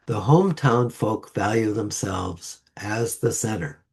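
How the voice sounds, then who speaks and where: Man, sermon, unhurried, husky tone, low voice. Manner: slow, measured delivery with deliberate pauses. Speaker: lay speaker. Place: church sanctuary.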